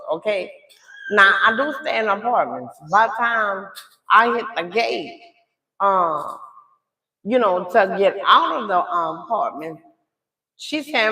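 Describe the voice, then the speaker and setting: A middle-aged woman on a livestream, retelling a family story in a dramatic, animated way and often asking viewers "okay?". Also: mid-range voice. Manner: dramatic, animated retelling that swings from loud outbursts to hushed asides; addresses viewers directly, often checking in with "okay?". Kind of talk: casual storytime. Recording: echoey room.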